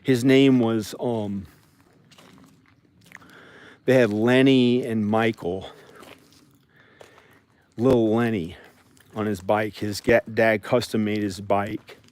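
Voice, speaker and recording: A man in his forties with a somewhat low voice. He talks in a loose, rambling way, circling back over the same phrases and restarting his sentences as he goes. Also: steady tone, slow, long pauses, a little mellow. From American South. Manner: meandering, repeats phrases and restarts often. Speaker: vlogger. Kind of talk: rambling casual vlog monologue.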